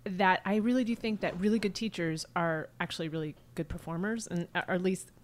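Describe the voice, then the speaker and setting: A woman's voice: on the low side, brisk, slight background noise. A woman co-hosting a comedy podcast, chatting and musing with a laugh. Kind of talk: casual comedy podcast chat.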